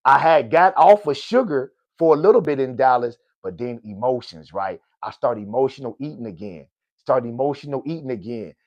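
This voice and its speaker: A man's voice: medium pitch, expressive, moderate pace, a little mellow, dry recording, dull audio. A middle-aged man hosting a podcast, giving a motivational personal talk in a preachy way, often asking "right?" and calling out to his listeners. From Oklahoma, US. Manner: preachy, repeats "good people" and "right?". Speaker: podcast host.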